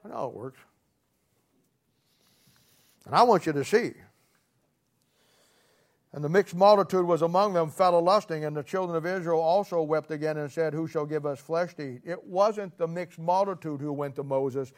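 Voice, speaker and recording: A man preaching a sermon as pastor, emphatic and sarcastic, rising to loud outbursts. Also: fairly high pitch, normal speed, pauses often.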